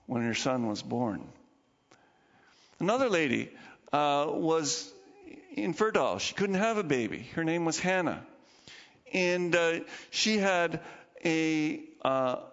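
Gravelly-voiced man preaching a sermon. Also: fairly high pitch, fairly bright tone. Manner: storytelling with acted quotes and chuckles. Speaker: pastor. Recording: dull lo-fi hall reverb.

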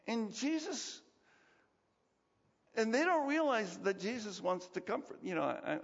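A male pastor giving a conversational sermon, animated and lively, often acting out what people say. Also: high-pitched, breathy edge. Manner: animated, conversational, acts out quotes. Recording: dull recording, long hall reverb.

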